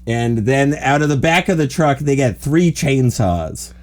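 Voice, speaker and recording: This forties-aged podcast host speaks at medium pitch and an unhurried pace. His casual storytelling is animated and meandering, his anecdotes peppered with "like."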